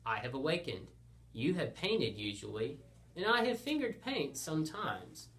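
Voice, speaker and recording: A man voicing an eager, boastful schoolboy hero who speaks in grand, excitable declarations. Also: a little high, unhurried, voice pushed up, exaggerated voice. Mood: grandiose.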